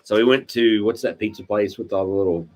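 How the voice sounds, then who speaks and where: A man's voice: fairly low pitch, a little fast, darkish tone. A middle-aged man with a Staten Island accent, co-hosting a casual pipe-smoking chat, joking and laughing often. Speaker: podcast co-host.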